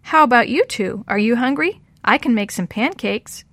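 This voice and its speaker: A woman voicing a lonely, kindly elderly lady in an audiobook, speaking gently and a little slowly. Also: a little high, lively intonation, no echo. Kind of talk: audiobook character reading.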